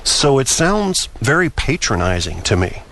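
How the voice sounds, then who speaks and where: A man's voice: medium pitch, big pitch swings, a little slow, gravelly, a bit bright. A man hosting a solo talk show, speaking in an opinionated, rambling way with frequent stammered restarts. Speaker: podcast host.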